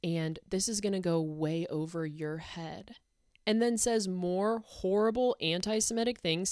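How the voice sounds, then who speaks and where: Woman, low voice, dry close sound, blunt sarcastic rant, swearing. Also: no echo. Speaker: YouTube commentator. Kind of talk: heated rant to camera.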